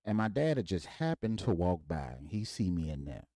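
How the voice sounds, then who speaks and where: Lively low-voiced man telling stories. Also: moderate pace, dry recording. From Mississippi, USA. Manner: animated, acts out voices in quoted dialogue. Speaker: podcast host. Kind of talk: casual storytelling.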